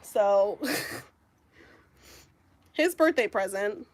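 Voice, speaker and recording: A woman's voice: medium pitch, animated, drawn-out words, darkish tone, dry recording. A young woman from the United States talking casually while crafting, gushing and rambling with lots of fillers. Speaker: crochet vlogger.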